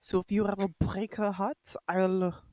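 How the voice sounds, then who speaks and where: A woman's voice: mid-range voice, level tone, a little slow, a little mellow, a little hiss or hum, lightly acted. A woman rehearsing a threatening line as a protective man, trying a French accent. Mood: menacing. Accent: attempted French. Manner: menacing threat, practiced line reading.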